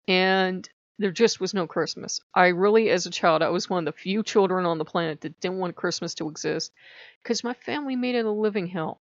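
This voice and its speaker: A middle-aged woman talks to camera in a candid, confessional vlog, blunt and unguarded, with casual swearing. Her voice sits at an ordinary pitch and sounds close and dry. The recording is dull and lo-fi. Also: no room sound. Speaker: spiritual vlogger. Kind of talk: candid personal storytelling.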